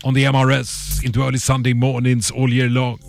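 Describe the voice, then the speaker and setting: Gravelly hype radio DJ man. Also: mid-range voice, completely flat delivery, fairly quick. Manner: hype DJ patter with stutters and repeats. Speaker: radio DJ host. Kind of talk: radio show shout-outs. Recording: music playing underneath.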